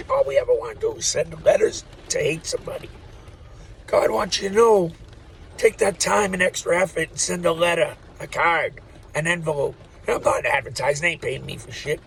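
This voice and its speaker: In a low-quality recording with a light hiss or hum, a postal worker vlogger delivers an opinionated, meandering monologue to the camera. His voice is higher than average, creaky and a bit bright, and he swears freely while laughing at his own jokes.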